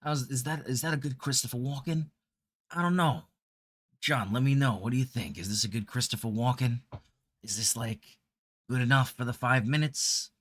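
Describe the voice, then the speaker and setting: A man's voice: medium pitch, normal speed, a bit bright, no room sound. A man streaming live, chatting casually and reacting aloud with laughter.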